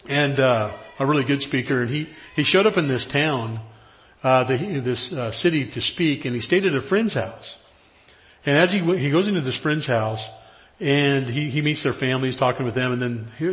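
A middle-aged man preaching with an earnest, easygoing delivery. His voice sits at an everyday middle pitch, and he keeps stopping to restart his phrases. He tells a story and acts out its voices in a plain, conversational sermon style. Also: a bit bright. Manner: conversational, earnest, with frequent restarts and acted-out quotes. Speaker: pastor.

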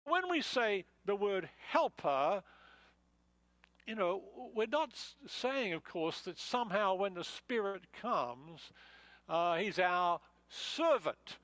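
Male pastor, high voice, dry close sound, chatty Bible teaching with frequent "uh"s. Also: big pitch swings, slow pace, a bit bright, no room sound, low-quality recording. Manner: conversational, many fillers and restarts. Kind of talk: expository sermon.

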